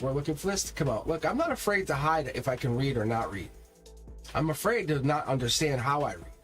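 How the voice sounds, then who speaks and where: A man giving a live tarot reading, talking emphatically and directly to his viewers. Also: a little high. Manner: energetic, emphatic, talks straight to viewers. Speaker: tarot reader. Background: faint music.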